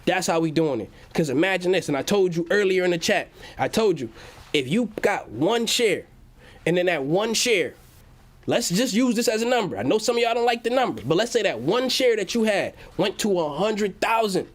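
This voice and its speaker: A man's voice: high-pitched, expressive, moderate pace. A young man hosting a casual livestream from home, hyped and slangy, reading out chat messages. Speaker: livestream host.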